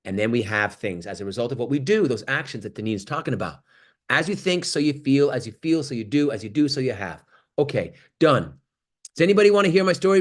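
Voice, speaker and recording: A man giving an animated motivational talk on a video call, swinging from loud exclamations to near-whispers. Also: sits high. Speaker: guest speaker on an acting workshop call.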